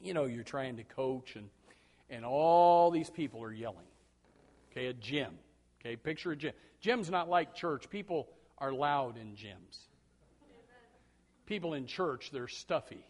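A pastor delivers a folksy, joking sermon, slipping into quiet asides before erupting in loud shouts, and he often repeats words when beginning a thought. His mid-range voice has lively intonation and a slightly slow pace.

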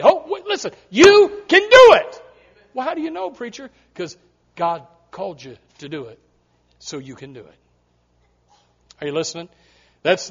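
A middle-aged male pastor preaching a sermon, swinging from soft asides to loud, repeated appeals. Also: sits high, lo-fi sound.

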